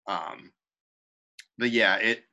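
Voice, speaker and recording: A young man with a bright, forceful voice talks in a loose, rambling way. He stops and restarts often as he chats with a co-host. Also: on the low side, drawn-out words, lo-fi sound. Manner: rambling, self-interrupting, frequent restarts. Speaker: podcast co-host. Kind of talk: casual chat.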